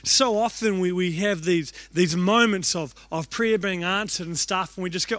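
High-voiced young New preacher. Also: male voice, normal speed, hardly any pauses, no echo. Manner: animated, acts out quoted thoughts, self-deprecating humor. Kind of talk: storytelling sermon.

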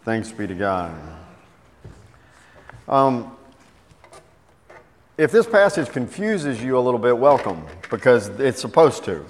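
A middle-aged man giving a sermon as a pastor, reading scripture and telling jokes in an animated way, then teaching more quietly. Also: mid-range voice, takes it slowly, long pauses. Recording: reverberant hall.

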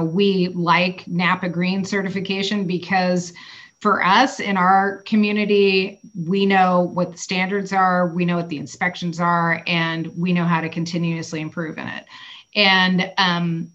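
A woman's voice: lowish voice, fairly bright tone. Woman, interview guest, casual, upbeat, slightly muffled audio. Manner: casual, filler-heavy and upbeat. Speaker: wine producer guest. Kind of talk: conversational interview.

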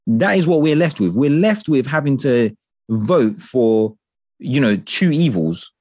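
A man in casual political chat, talking with passion, swearing and ranting in an animated way. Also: mid-range voice, unhurried, husky, dry recording. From England.

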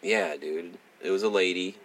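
A young man co-hosting a podcast, chatting casually with rambling, profane, animated storytelling. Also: low voice, normal speed, far from the mic. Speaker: podcast co-host. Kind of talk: casual chat.

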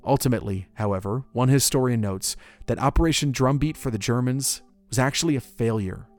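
A man's voice: medium pitch, a little fast. A man narrating history in a casual, conversational way, with joking asides.

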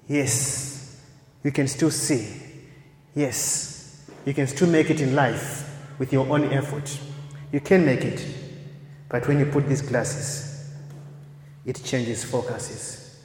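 A man preaches a sermon with insistent repetition, his delivery swelling loud and then falling soft. His voice sits mid-range for a man. The recording carries a roomy echo and a long hall reverb. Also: mid-range voice, steady tone, slow pace, pauses often, slight background noise. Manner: repetitive, emphatic, rising to loud peaks then dropping soft.

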